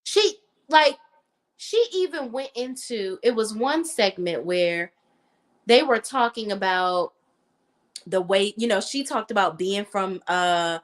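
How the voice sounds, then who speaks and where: A woman with a DC accent co-hosting a casual commentary chat, blunt and animated, swearing freely. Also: mid-range voice, takes it slowly. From Washington, D.C. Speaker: podcast co-host.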